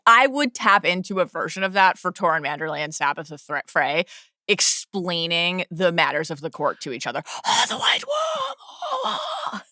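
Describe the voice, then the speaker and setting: A playful woman co-hosts a podcast, tossing in jokey asides and laughing easily. Her voice is bright and sits slightly low. She sounds dry and close to the mic. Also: brisk, no room sound. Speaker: podcast co-host. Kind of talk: casual chat.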